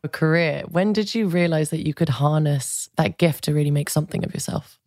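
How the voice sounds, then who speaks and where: Low-pitched woman host, soft-spoken and reflective, dry recording. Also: fairly quick, no room sound. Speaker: podcast host. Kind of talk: interview conversation.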